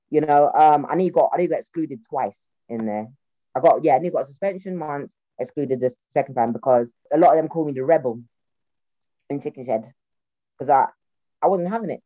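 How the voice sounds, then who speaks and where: Low-voiced South London woman, chatty. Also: no room sound, highs cut off. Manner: animated storyteller, acts out quotes in voices. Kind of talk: casual chat.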